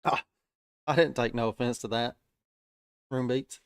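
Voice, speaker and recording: Easygoing Southern-accented male stream host, mid-pitched, smooth and dry, casual market chatter. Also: fairly even intonation, measured pace, no room sound. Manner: easygoing, chatty, frequent "uh" fillers. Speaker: day-trading live-stream host.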